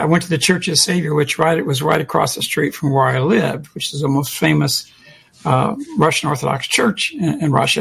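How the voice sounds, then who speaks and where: A man holding forth as co-host of a call-in talk show, pressing his points emphatically and repeating them for effect. His voice sits a little high for a man, with a rough, husky edge and a lot of gravelly fry. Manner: emphatic, deliberate, repeats key phrases.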